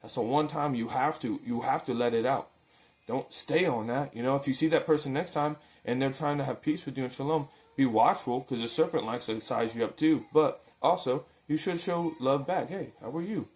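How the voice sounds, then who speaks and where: A man's voice: medium pitch, normal speed, a little mellow. Earnest man preaching casually to camera. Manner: earnest, repeats words and restarts, informal slang. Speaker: religious video maker.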